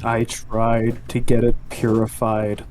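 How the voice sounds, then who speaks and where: A bitter, defiant dragonborn paladin, voiced by a man, who speaks slowly and drags out every word. His voice sits in a middle pitch. Faint background noise runs under a home recording. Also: darkish tone, natural voice.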